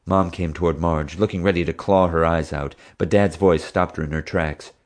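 A man reading an audiobook in steady, even first-person narration. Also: deep voice, moderate pace.

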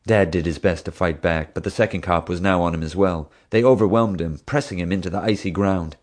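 A man reading an audiobook in steady, even first-person narration. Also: deep voice, brisk.

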